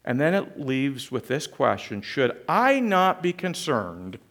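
A man's voice: mid-range voice, big pitch swings, slow, a bit bright. A man preaching a sermon, reading scripture dramatically and explaining it in a conversational way. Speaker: pastor.

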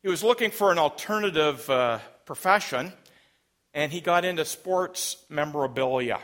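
A man's voice: a little high, animated, normal speed, fairly bright tone. A Canadian man preaching a sermon in a conversational, humorous way, with frequent ums and uhs. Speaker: pastor.

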